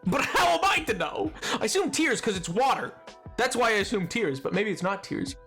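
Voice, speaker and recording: A man's voice: high voice, sing-song, moderate pace, bright, forceful tone, soft background music. A man streaming live, chatting casually with viewers in a rambling, self-mocking way and laughing often.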